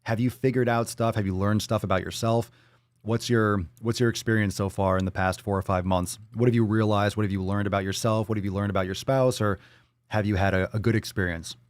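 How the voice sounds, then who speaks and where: A man hosts a casual live stream with a fairly low voice, loose and profane, joking as he reads comments aloud. The sound is close and dry, with no room around him. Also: steady tone, a little fast, dry recording. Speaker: livestream host reading chat. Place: Florida.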